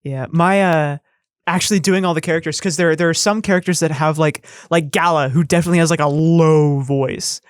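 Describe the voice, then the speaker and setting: A woman's voice: sits low, steady tone, dry recording, studio quality. Rambling woman guest on a podcast. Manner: quick, rambling, with many fillers. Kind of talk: casual chat reviewing games.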